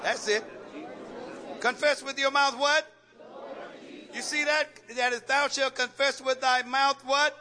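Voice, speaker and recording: A man's voice: very high voice, fairly even intonation, a little slow, long pauses, crowd noise. A man pastor preaching a call-and-response sermon in church, firing rhetorical questions at the congregation, coaxing and joking.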